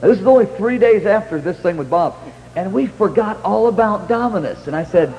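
A man's voice: sits high, expressive, fairly quick, long reverb tail, lo-fi sound, slight background noise. A man preaching in a storytelling style, rambling through anecdotes with restarts and acting out what others said. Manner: rambling anecdotes with many restarts and acted-out quotes. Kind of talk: storytelling sermon.

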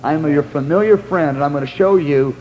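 A man's voice: fairly high pitch, brisk, long reverb tail, highs cut off, a little hiss or hum. A man preaching in a storytelling style, rambling through anecdotes with restarts and acting out what others said. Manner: rambling anecdotes with many restarts and acted-out quotes. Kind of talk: storytelling sermon.

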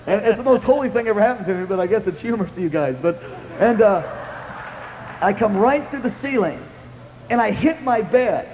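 A man preaching a sermon testimony, telling his story in an animated, repetitive way. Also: high-pitched, a little fast, slight background noise. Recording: long hall reverb, faint ambience.

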